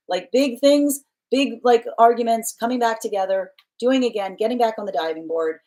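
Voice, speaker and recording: A woman with a low voice talks a client through a live tarot reading. She explains in an earnest, searching way and circles back over her own phrases. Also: a little mellow, poor audio. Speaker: tarot reader.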